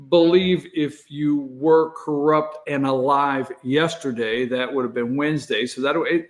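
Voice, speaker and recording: A sarcastic man with a slightly higher-pitched voice hosts a morning opinion show. He talks straight into the studio camera and laughs at his own remarks. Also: a bit bright. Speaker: talk show host. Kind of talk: opinion talk show monologue.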